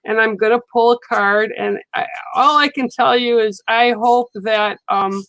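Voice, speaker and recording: A woman giving a live card reading to viewers, speaking in a slow, soothing and reassuring way, often checking in with "okay?". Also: fairly high pitch, steady tone, fairly bright tone, no room sound, poor audio. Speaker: psychic card reader on a livestream. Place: studio.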